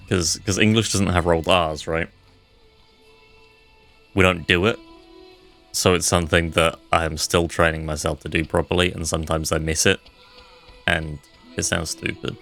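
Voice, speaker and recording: A man's voice: sits low, level tone, measured pace, vocal fry, long pauses, a bit bright, soft background music. A man streaming a game live, chatting casually and thinking aloud as he plays. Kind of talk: casual live gameplay commentary.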